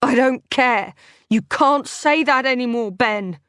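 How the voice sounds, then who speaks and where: A woman reading the lines of a distraught young female journalist, tearful and sharp. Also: on the high side, slow pace, smooth, no room sound, studio quality, pitched above the performer's own voice. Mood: angry. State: crying. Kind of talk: audiobook character voice.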